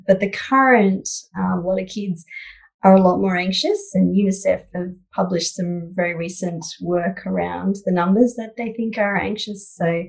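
Female psychologist guest, relaxed interview talk, mid-pitched, thinks aloud with fillers. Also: moderate pace, creaky, rough recording. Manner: thoughtful, frequent "you know" fillers, warm laughs. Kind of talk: conversational interview answers.

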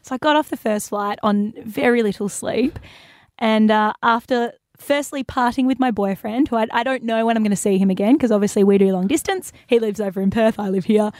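A woman's voice: fairly high pitch, brisk, a little mellow, no room sound, clean studio sound. Chatty woman radio host. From Australia. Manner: chatty storytelling with laughs. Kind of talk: casual radio chat.

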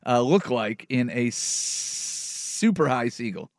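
A man hosting a sports radio show, giving relaxed analysis and bantering with his co-host. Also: medium pitch, slow pace, dry recording. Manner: conversational, loud bursts of excitement.

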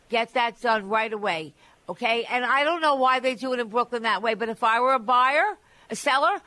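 A woman's voice: a little high, sharp tone, dry recording. A middle-aged or older woman hosting a call-in real estate radio show, giving blunt, emphatic advice with many restarts.

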